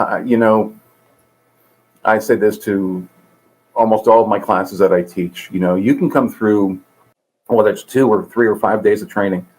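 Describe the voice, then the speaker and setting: A lowish, darkish male voice comes through poor audio. The speaker, a middle-aged peer support coordinator, is a guest in a conversational interview, sharing stories earnestly and voicing the characters.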